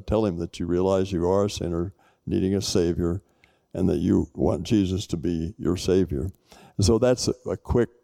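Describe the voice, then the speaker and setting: A man's voice: low voice, dark tone, no room sound. A man on a church panel explaining how he shares his faith, acting out both sides of the conversations in a plain conversational way. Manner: plain conversational, acts out dialogue. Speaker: lay leader on a panel. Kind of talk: panel talk on evangelism.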